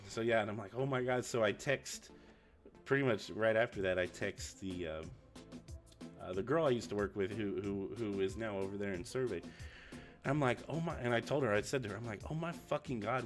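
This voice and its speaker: A young man vents in a loose, profane, storytelling ramble. His voice sits at a middle pitch and jumps up whenever he mimics someone else. Faint music plays softly underneath. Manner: ranting, profane, quotes people with raised pitch. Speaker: streamer. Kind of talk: casual venting story.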